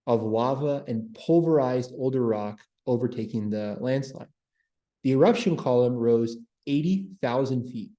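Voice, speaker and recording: A man's voice: medium pitch, warm tone, roomy sound. A man hosting a history livestream, chatting with viewers and repeating words as he talks. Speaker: host. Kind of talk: livestream history talk, reading chat.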